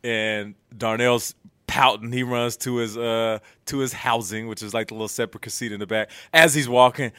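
A man's voice: medium pitch, moderate pace, smooth, dry recording. A man in his thirties, a podcast co-host, telling a story casually and acting out voices as he goes. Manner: animated storyteller acting out quotes. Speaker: co-host, former NFL player.

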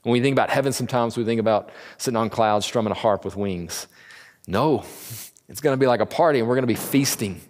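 A man's voice: mid-range voice, fast. A man giving a casual Bible teaching, talking conversationally and acting out quotes in slangy voices, recorded in a church hall. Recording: long reverb of a large room.

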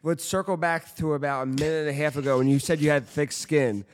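Guy w a bit high voice, swearing a lot, keeps needling his buddy in casual chat. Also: fairly quick, soft background music. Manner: profane, teasing, presses with repeated questions. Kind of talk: casual chat among friends.

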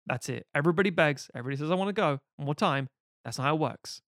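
A man's voice: a little high, lively intonation, racing, a bit bright, dry recording. Man playing death, blunt, offhand, weary reaper, dry close sound. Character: Death, weary matter-of-fact male reaper.

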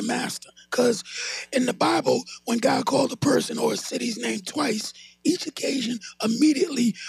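A man's voice: extremely high pitch, gravelly, husky, no echo. A man preaching a sermon, calling on the congregation to answer him and building into a sung, whooping delivery. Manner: calls on the congregation to respond, rising into a sung whoop.

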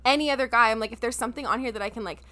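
A woman's voice: fairly high pitch, very fast, sharp tone. A young woman in casual podcast chat, blunt, swearing and laughing often.

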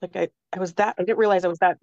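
A woman's voice: fairly low pitch, steady tone, racing, darkish tone, dry recording. Candid, laughing woman, dull podcast sound. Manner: candid, swears freely, laughs often. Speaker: podcast guest. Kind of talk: casual chat.

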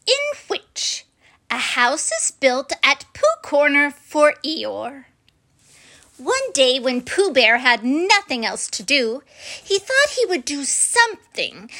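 A woman reads a children's storybook aloud in a soft, friendly way to her listeners. Her voice is high and her pace is unhurried, with a light gravelly fry on the ends of phrases.

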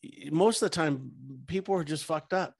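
A man's voice: on the high side, moderate pace, slightly rough, no room sound, studio quality. A man in casual chat, telling blunt, profane stories about working security. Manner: blunt storytelling, heavy swearing.

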